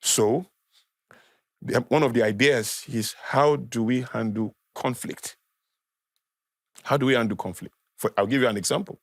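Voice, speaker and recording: A man's voice: medium pitch, measured pace, long pauses, no echo, clean studio sound. A man with a Nigerian accent, a podcast guest lecturing in a conversational way, repeating key phrases for emphasis. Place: podcast studio.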